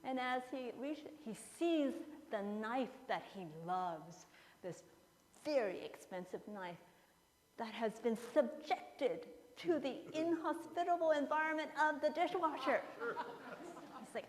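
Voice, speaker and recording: A woman in her fifties, a pastor preaching a sermon and telling a story in a lively way, acting out the people in it. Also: fairly high pitch, a little slow, a little hiss or hum. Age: 50s. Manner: storytelling, acting out characters with playful asides. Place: church sanctuary. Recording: long church reverb.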